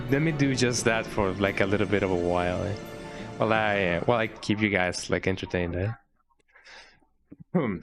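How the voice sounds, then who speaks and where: Low-voiced laid-back male game streamer. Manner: relaxed, rambling, tags phrases with "eh?". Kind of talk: casual gameplay commentary. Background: game music.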